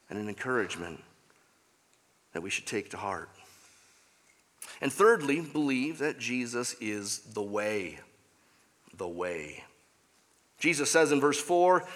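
A man's voice: mid-range voice, a bit bright, long reverb tail. A man preaching a sermon as pastor, emphatic and repeating key phrases for weight.

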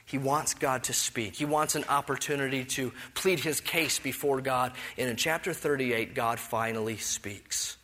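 A man preaching an expository sermon, emphatic, firing loud rhetorical questions and then dropping to a soft reflective tone. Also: medium pitch, normal speed, few pauses.

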